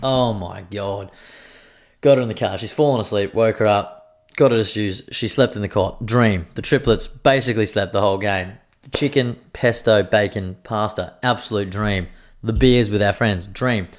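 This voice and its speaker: An Australian man in his thirties, rambling through a profane, animated casual story. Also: fairly low pitch, normal speed.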